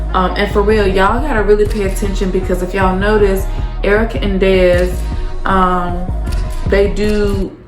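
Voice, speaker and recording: A woman's voice: lowish voice, reverberant. A woman casually recapping a reality show episode, gossipy and profane, with lots of fillers.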